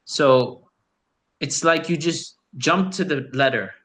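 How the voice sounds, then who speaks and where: A man's voice: a little high, slow pace, a bit bright. A man teaching a beginner Arabic lesson over a video call, patiently repeating each word and explaining the sounds. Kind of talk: online beginner language lesson.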